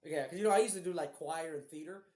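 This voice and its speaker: A man from Houston with a hoarse, recovering voice, co-hosting a podcast and telling rambling, profane stories in a casual chat. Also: on the high side, quick pace, reverberant. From Houston, Texas. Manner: profane, rambling, animated storyteller. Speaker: podcast co-host.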